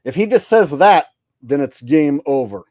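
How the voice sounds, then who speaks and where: A man's voice: a little high, expressive, moderate pace, a little mellow, slight background noise. A man hosting a show, giving casual, wry commentary. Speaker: show host.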